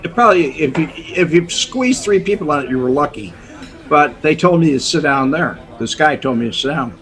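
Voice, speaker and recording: An older man telling a story as an interview guest, animated, chuckling often and acting out voices. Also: fairly high pitch, a little fast. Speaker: guest, former undercover informant.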